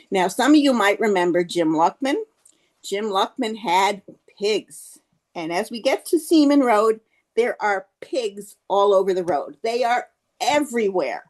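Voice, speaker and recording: A woman's voice: medium pitch, a little mellow. A woman giving a humorous personal anecdote speech at a club meeting, acting out quoted dialogue as she tells it. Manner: storytelling, acts out quoted dialogue.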